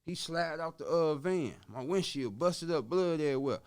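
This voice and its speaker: A man, his voice a bit higher than most men's. He spins a story in loose street slang and punctuates it with vocal sound effects. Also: lively intonation, moderate pace, clean tone. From Chicago. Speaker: podcast guest. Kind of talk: casual storytelling.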